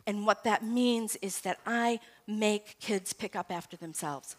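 A woman giving a devotional Bible teaching talk in a conversational, animated way, moving from soft scripture reading to loud emphatic asides. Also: medium pitch, unhurried. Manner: conversational, self-correcting.

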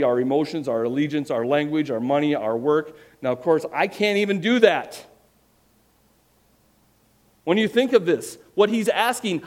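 A man's voice: a little high, a little mellow. A man preaching a sermon, earnest and emphatic, with self-deprecating humor. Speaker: pastor.

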